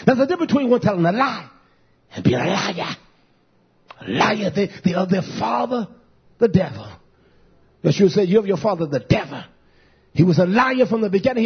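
A man preaching a fiery, confrontational sermon as pastor, swinging between loud and soft delivery. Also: sits high, husky, lo-fi sound.

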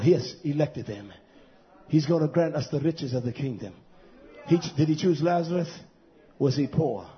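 A man preaching a fiery sermon, swinging from loud, rhythmic, "uh"-punctuated shouting to low, quiet talk. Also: highs cut off. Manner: preaching with rhythmic "uh" fillers, rising to shouts then dropping low.

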